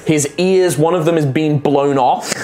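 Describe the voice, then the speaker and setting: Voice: mid-range voice, a little slow, dark tone. A game master narrating a tabletop game in a loose, giggly way with lots of fillers.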